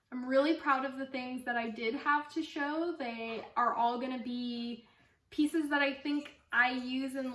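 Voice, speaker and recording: Chatting to camera from home with her dog beside her, a young woman gushes through her knitting podcast, using plenty of fillers. Her high-pitched voice has a sharp tone, captured off-mic by a distant microphone in an echoey room.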